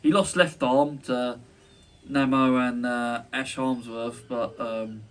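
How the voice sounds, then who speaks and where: A man's voice: mid-range voice, fairly even intonation, slow. A man hosting a casual podcast chat, boisterous, joking and sweary. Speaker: podcast host. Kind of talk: casual banter. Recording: distant mic with faint noise.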